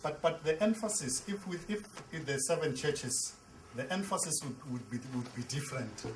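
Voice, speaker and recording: A man's voice: on the high side, expressive, normal speed, slight background noise, rough recording. A man, a pastor, teaching a Bible class. He repeats and restarts words and asks the class questions. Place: classroom with a board.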